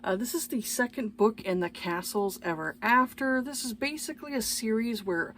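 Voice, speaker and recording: A woman chatting casually in a book review video, lively and full of fillers, acting out lines from scenes she describes. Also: on the high side, normal speed, slight background noise. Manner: chatty and animated, acts out quoted lines, many fillers.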